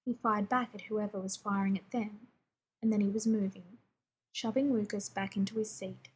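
A woman reading a story aloud in a wry, even way. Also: medium pitch, moderate pace, slightly rough, poor audio. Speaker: reader.

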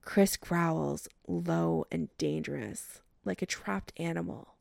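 A woman reads a romance story aloud at an unhurried, even pace. Her voice carries a heavy gravelly fry in a mid range. The sound is dry and close to the mic. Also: low-pitched, no room sound. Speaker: narrator. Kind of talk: audiobook reading of a romance story.

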